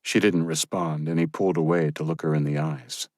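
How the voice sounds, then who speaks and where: A male audiobook narrator with a very deep voice, reading a thriller in an even, steady way. The recording is close and dry, with almost no room sound. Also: fairly quick, dry recording. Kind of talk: scripted narration.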